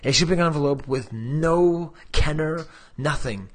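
A man's voice: fairly high pitch, measured pace. A man co-hosting a podcast in casual chat, joking and drifting off on tangents. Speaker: podcast co-host.

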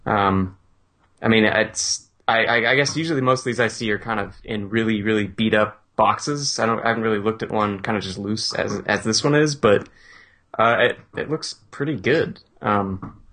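A man's voice: fairly low pitch, normal speed, fairly bright tone. A man co-hosting a podcast in casual chat, easygoing, often laughing and restarting his sentences. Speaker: podcast co-host.

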